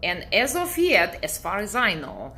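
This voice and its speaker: A middle-aged woman, native Russian speaker, telling a story to her camera in a dry, deadpan way. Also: medium pitch, unhurried, slight background noise. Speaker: vlogger.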